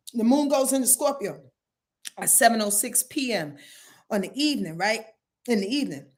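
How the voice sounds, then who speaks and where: Speaking directly to her audience, a female astrologer runs through the week casually, with blunt, profane language. She shifts back and forth between loud and quiet.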